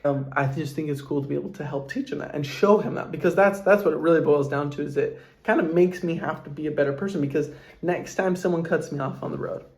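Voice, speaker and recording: A man's voice: a little high, fast talker. A young man and father answering viewer questions in a casual vlog, earnest and heartfelt, rambling with lots of fillers. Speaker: vlogger and father.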